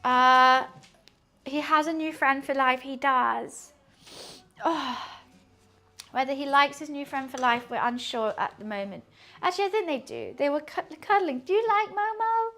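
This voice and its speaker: A woman's voice: sits high, measured pace, sharp tone. A woman, streaming casual chat while she cooks at home, rambling to her viewers and her kitten. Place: home kitchen.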